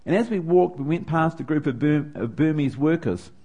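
A man's voice: on the high side, lively intonation, normal speed, dark tone, slightly rough, muffled recording. A middle-aged man from New Zealand with a New Zealand accent, preaching a sermon and telling a personal story with growing feeling. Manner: personal storytelling with rising emotion.

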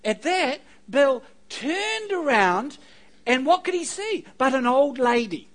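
A man preaching a sermon, telling stories with animated delivery and joking asides to the congregation. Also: very high-pitched, takes it slowly, rough recording. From New Zealand. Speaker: pastor.

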